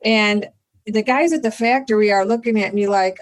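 A middle-aged woman, a company founder, telling a story in a casual interview with lively energy and acting out her own remarks. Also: a little high, a little fast. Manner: animated, excitable storyteller who acts out her own lines.

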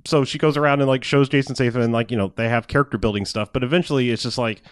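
Man, casual chat, rambling, swears, laughs, medium pitch, dry sound. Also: rapid-fire, clean tone, dry recording. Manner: rambling, profane, laughs often. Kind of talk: casual movie recap chat.

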